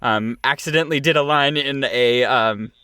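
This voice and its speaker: Young man, halting and dry. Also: medium pitch, pushed and bright, smooth, dry recording. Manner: halting, many fillers and restarts, laughs often. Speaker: audio producer and director. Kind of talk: casual interview.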